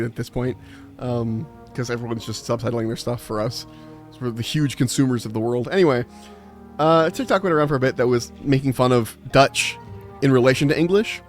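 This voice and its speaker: A man streaming live and chatting casually with viewers, rambling with lots of restarts and fillers. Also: medium pitch. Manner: rambling, full of restarts and filler, laughs often. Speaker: game streamer.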